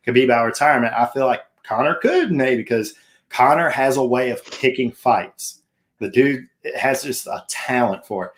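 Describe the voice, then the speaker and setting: A man hosting a casual sports talk show, chatty and jokey, tossing questions to his co-host and viewers. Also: mid-range voice.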